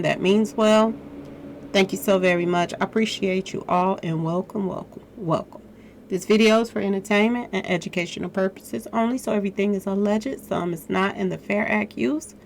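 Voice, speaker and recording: A woman's voice: medium pitch, slight background noise. A woman hosting a casual commentary channel, chatty and informal. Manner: chatty, says y'all a lot. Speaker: channel host.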